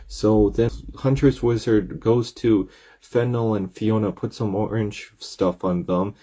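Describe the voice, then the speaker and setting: A man giving a casual, rambling episode recap, retelling excitedly with many restarts. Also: lowish voice, measured pace. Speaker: video recap creator.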